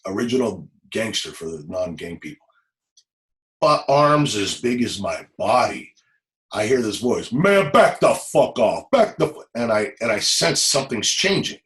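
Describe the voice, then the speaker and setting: A middle-aged man from Los Angeles, a former police officer, telling a personal story in an interview, halting and repeating words, close to tears. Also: on the low side, a bit bright, poor audio.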